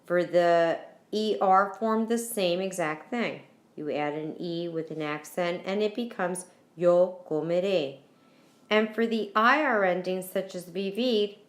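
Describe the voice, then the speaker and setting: A woman's voice: lowish voice, a little slow, reverberant. A woman teacher explaining verb endings in a recorded lesson, patient and repetitive, spelling out endings letter by letter. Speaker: Spanish teacher.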